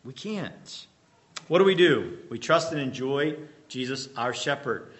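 A man's voice: medium pitch, lively intonation. A man preaching a sermon as pastor, quizzing the congregation with fill-in-the-blank questions and repeating key points with emphatic bursts. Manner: emphatic bursts and slowed-down repetition.

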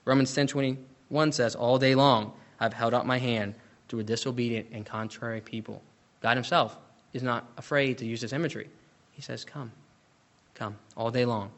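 A man's voice: medium pitch, steady tone, normal speed. A man preaching a sermon, reading scripture aloud and pressing his points with emphatic rises and drops.

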